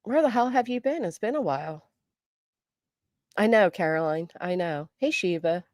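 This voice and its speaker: A middle-aged woman hosting a live stream, chatting casually with viewers, greeting them by name, and talking fast and loud. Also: lowish voice, lively intonation, no room sound, studio quality. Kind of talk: casual live chat, reading comments.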